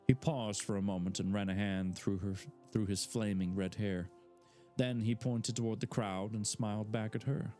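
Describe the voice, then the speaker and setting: A man's voice: fairly low pitch, fairly even intonation, moderate pace, darkish tone, soft background music. Man reading a fantasy novel aloud live. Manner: casual asides between narration. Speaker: audiobook reader.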